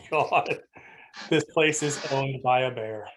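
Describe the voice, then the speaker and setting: A man at a tabletop game stammers through slow, nervous jokes. His voice has a middle pitch. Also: fairly bright tone, a little hiss or hum. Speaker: player. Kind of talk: casual tabletop play.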